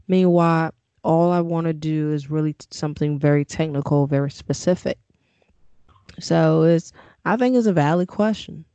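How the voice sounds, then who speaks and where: A man co-hosting a casual podcast, talking in an animated way and joking about his own slips. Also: a little high, moderate pace, clean tone, no room sound, muffled recording. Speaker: co-host.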